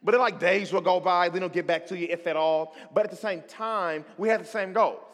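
A man's voice: sits high, a little fast, fairly bright tone. A man telling a stand-up story, acting out the scenes with sound effects. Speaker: stand-up comedian. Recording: echoey hall.

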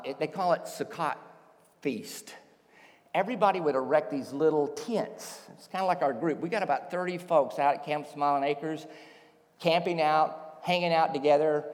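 Animated preacher in a reverberant hall. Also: male voice, a little high. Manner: animated storytelling, acts out voices. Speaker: pastor. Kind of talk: sermon.

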